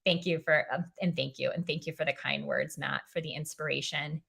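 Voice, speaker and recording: A woman's voice: low-pitched, fairly even intonation, fairly quick, gravelly, a bit bright, husky. A young woman filling in as a livestream host, tired and emotional, heartfelt, saying "um" often and reading viewer comments aloud. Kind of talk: casual livestream chat.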